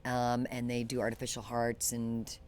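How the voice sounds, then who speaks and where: A woman's voice: extremely low pitch, monotone, moderate pace, darkish tone, slight background noise. A woman interview guest telling a painful personal story in a detached, matter-of-fact way, often restarting and trailing off mid-phrase.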